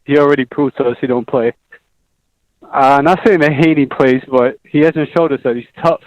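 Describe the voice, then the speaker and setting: A man's voice: mid-range voice, moderate pace, dry recording, highs cut off. A man calling in to a podcast, chatting casually and joking. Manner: laid-back, joking. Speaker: caller. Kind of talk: casual chat.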